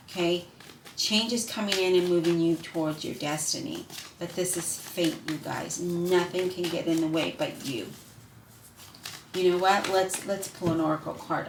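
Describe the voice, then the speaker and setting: A woman giving a casual spoken tarot reading, effusive and emotional, who keeps asking "right?" and calling her viewers "you guys". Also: fairly low pitch. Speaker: tarot reader. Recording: echoey room with steady noise.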